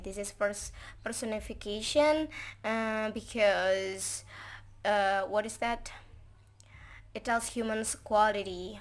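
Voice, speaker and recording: Speaking slowly in a mid-range voice, a young adult woman records an informal analysis of a poem as a class assignment. Indonesian is her first language, and she hesitates often, using lots of fillers and starting over; faint noise sits in the background.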